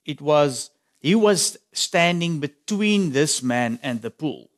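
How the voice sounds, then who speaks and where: A man's voice: on the high side, lively intonation, slow. A man discussing the Bible with a teacher, responsive and affirming, adding his own points. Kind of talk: conversational Bible study.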